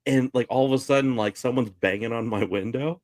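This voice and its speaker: A man's voice: brisk, no echo, clean studio sound. A young man co-hosting a podcast, telling a story animatedly in casual chat. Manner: animated, jumps into shrill voices for quoted people. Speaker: podcast co-host.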